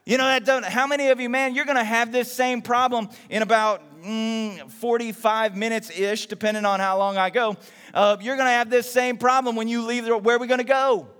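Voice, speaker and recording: A man from Texas preaching a sermon in a conversational, animated way, acting out everyday voices. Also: very high voice, brisk, clean tone, long reverb tail. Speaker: pastor.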